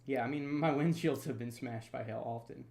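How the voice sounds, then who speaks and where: A man's voice: mid-range voice, normal speed, gravelly, darkish tone, a little hiss or hum. Chatty storm-chaser man on a livestream. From North Florida. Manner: chatty, laughs easily, reads viewer comments aloud. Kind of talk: casual livestream chat.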